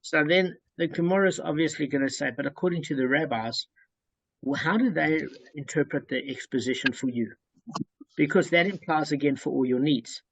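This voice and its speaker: A man explains a Talmud passage to friends, walking through each point methodically and circling back with plenty of ums and restatements. His voice is gravelly and somewhat husky, sitting slightly high for a man. The sound is dry and close, with little room around it. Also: moderate pace, a bit bright, dry recording, rough recording. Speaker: Talmud study leader. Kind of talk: explaining a Talmud text to a study group.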